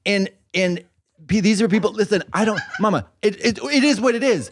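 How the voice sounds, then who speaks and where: A man's voice: sits high, animated, fairly quick, no room sound, clean studio sound. A man in casual podcast chat, campy and exclamatory, laughing often. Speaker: podcast co-host or guest.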